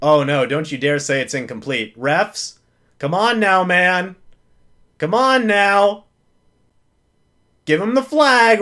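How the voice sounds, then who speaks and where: A man's voice: high-pitched, bright, forceful tone. A man calling a football game live as a fan, narrating each play and then pleading with the referees and groaning at the calls.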